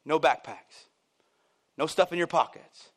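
A man preaching a sermon at a church service, emphatic and casual, jumping from loud bursts down to near-quiet lines and dropping in chuckling asides. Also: a little high, measured pace. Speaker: pastor.

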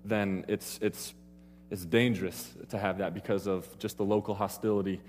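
A man's voice: on the low side, level tone, normal speed, a little mellow, faint music behind. A man giving a sermon to a live audience, rambling through personal stories and stopping often to restart and joke. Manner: rambling, self-interrupting, joking with the crowd. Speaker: preacher. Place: church hall with an audience. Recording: long hall reverb.

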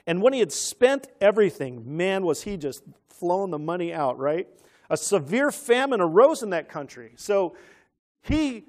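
Higher-pitched guy teaching a sermon, lively, keeps quizzing the crowd. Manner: animated, asks the listeners questions.

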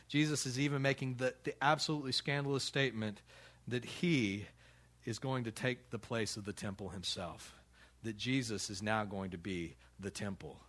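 A man's voice: mid-range voice, moderate pace, a bit bright. A man preaching a sermon in a church, talking casually with frequent restarts and light laughter. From United States. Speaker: pastor.

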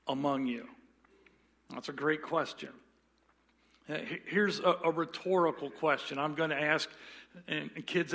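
A man's voice: a little high, pushed and bright. A man preaching a sermon as pastor, often restarting words and telling folksy jokes.

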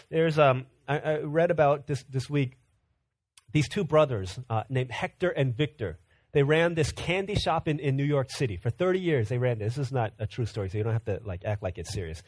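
A man's voice: a little high, a little mellow. A man preaching a sermon as pastor, earnest, often repeating words as he builds a point.

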